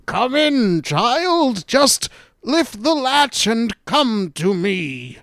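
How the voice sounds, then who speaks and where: A sly wolf man pretends to be a frail old grandmother in a spooky storybook, voiced by a man. His voice is pitched up and lively, soft and slow. The sweetness is false. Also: no room sound, clean studio sound, heavily acted. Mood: falsely sweet.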